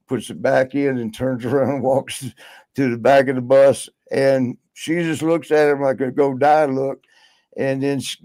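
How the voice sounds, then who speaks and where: A podcast guest with a mid-range, darkish voice tells a long road story in casual chat, rambling with lots of fillers and laughs. The recording is low quality with no room sound.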